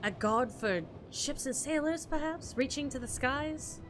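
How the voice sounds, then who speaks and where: A woman voicing a curious young woman explorer who speaks in a low, measured, musing way. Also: noisy background.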